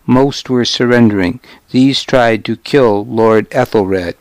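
A man's voice: medium pitch, slow, no echo. A man voicing a grave healer reporting a wound in an audiobook.

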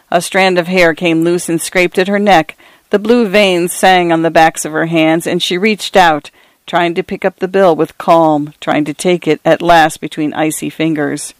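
Lady reading a short story for radio, steady and clear, dry close sound. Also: lowish voice, no room sound. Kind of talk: scripted narration of short stories.

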